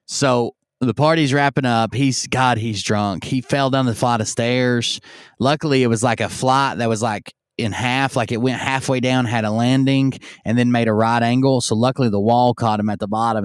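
Man, rambling storyteller, swears a lot, smooth voice, dry close sound. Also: medium pitch, dry recording. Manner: rambling and profane, acts out yelled quotes. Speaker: streamer telling stories. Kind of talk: casual storytelling.

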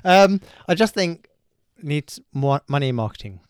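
A man co-hosting a casual chat, teasing with deadpan dark jokes. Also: on the high side, normal speed, clean tone, no echo, studio quality. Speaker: podcast co-host.

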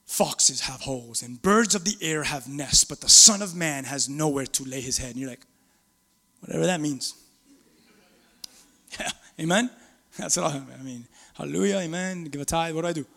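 A man's voice: on the high side, big-room sound. A man preaching a sermon as pastor, acting out scripture quotes and calling on the congregation to answer back. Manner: animated, acts out scripture quotes, asks the congregation to respond. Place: church sanctuary.

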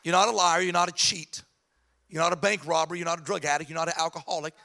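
A man preaching a lively sermon, swinging from shouted, chanted lines to soft asides. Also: on the high side, quick pace, creaky. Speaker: pastor. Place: church sanctuary.

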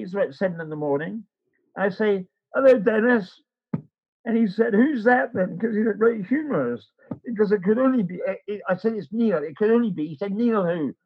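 A man's voice: high voice, breathy edge, muffled recording. An older man telling a rambling personal story in casual chat, acting out the voices of the people in it. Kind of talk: casual anecdote.

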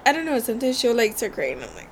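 A young woman in casual chat, expressive and upbeat, laughing easily. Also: on the high side, fast, a little hiss or hum. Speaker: guest, older sister.

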